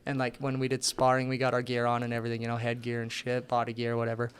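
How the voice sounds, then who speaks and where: A man's voice: medium pitch, quick pace, smooth. Profane, rambling young man telling stories. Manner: profane, rambling, animated storyteller. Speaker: interview guest. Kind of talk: casual storytelling chat.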